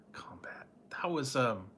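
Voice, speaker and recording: Chuckling man rambling, bright voice. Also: mid-range voice, slight background noise. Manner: rambling, chuckles often between remarks; nostalgic, trails off and restarts. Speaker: food reviewer reading live chat. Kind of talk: casual chat.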